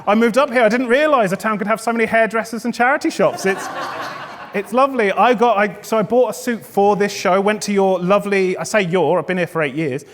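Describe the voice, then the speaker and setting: A man, a stand-up comedian, hosting a live awards night with playful, jokey crowd work and loud calls to the audience. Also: high-pitched, fairly quick. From England. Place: event venue hall, indoors. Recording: echoey hall with long reverb.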